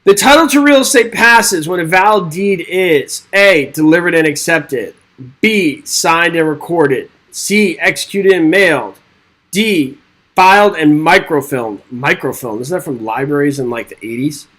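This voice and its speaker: Speaking unhurriedly into his desk microphone, a real estate exam instructor with a somewhat high, fairly bright voice runs a live exam-prep webinar. He reads multiple-choice questions aloud, then jokes and checks in with viewers in an upbeat, chatty manner, though the recording is low quality.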